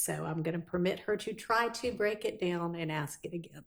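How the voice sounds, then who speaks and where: Gravelly, low-voiced woman judge. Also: normal speed. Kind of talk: courtroom ruling. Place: courtroom.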